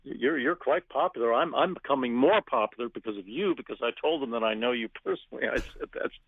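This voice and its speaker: A man telling stories in a phone interview, animated, laughing often and restarting his sentences. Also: medium pitch, fast talker, dry recording. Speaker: actor guest. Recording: phone line.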